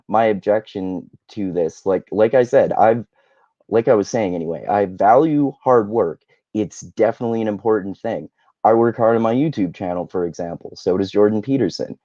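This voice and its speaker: A man's voice: on the low side, moderate pace, mellow, no room sound, dull audio. A man hosting his own channel, chatting casually through a book review with a rambling, self-correcting, wry manner. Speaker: YouTube host.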